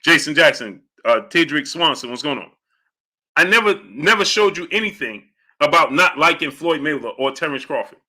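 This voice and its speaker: A man's voice: a little high, lively intonation, normal speed, bright, forceful tone. A man hosting a boxing live stream, greeting viewers by name and laughing hard as he reads their comments. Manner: laughs hard between phrases. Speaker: boxing channel host.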